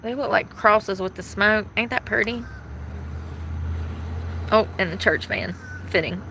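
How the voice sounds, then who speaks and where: A woman's voice: mid-range voice, measured pace, gravelly, sharp tone, a little hiss or hum, poor audio. Chatty woman vlogging from her car. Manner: rambling, candid, talks to viewers as "y'all". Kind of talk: casual chat. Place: in a car, talking on her phone. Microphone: phone in hand.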